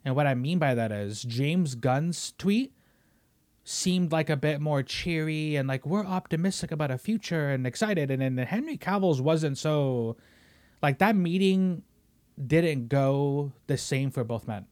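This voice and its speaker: A young man hosting a casual podcast, ranting heatedly with lots of swearing and loud emphatic bursts. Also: on the high side, lively intonation, unhurried. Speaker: podcast host. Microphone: studio microphone.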